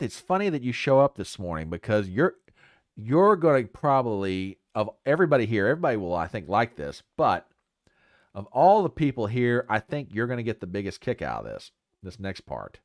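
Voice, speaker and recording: A man's voice: mid-range voice, dry recording, studio quality. An older man hosting a casual talk show, reading news aloud with sarcastic asides. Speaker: podcast host. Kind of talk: casual livestream commentary.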